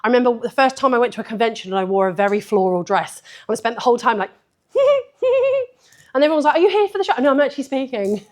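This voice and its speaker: A woman's voice: on the high side, fast talker. A woman giving a blunt, sweary, chatty talk at a photography event, laughing often. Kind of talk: live conference talk.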